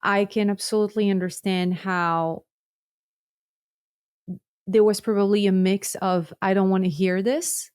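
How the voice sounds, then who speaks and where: A woman's voice: lowish voice, darkish tone. A woman hosting an interview podcast, speaking to her guest in a supportive, encouraging way. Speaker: podcast host.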